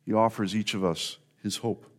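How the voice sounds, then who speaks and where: A middle-aged male pastor giving an Easter sermon, telling a story earnestly with rising emphasis and pauses. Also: fairly low pitch, fairly even intonation.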